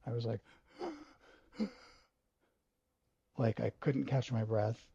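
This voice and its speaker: A man telling a personal story in a halting, emotional way, swearing freely. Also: medium pitch, steady tone, creaky, mellow, slightly rough, dry recording, highs cut off. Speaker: video host.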